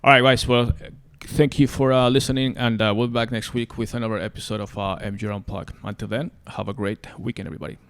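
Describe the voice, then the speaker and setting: Guy cohosting a podcast, talks fast, kinda gravelly low voice, trips over his words. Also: fairly even intonation. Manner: quick, talks over partner, stammers on repeated words. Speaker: podcast co-host. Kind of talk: casual podcast chat.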